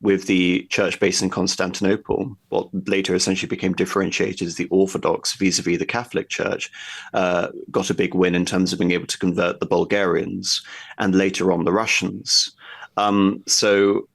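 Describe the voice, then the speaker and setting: A man's voice: low-pitched, flat delivery, moderate pace, gravelly, fairly bright tone, husky. A man talking at length as a guest in a history conversation, explaining in a discursive, lecturing way and thinking aloud as he goes.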